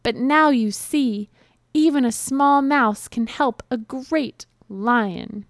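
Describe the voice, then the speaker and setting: A woman voicing a tiny, timid male mouse in a storybook reading, in a high, squeaky, begging voice. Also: takes it slowly, no room sound, clean studio sound. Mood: earnest.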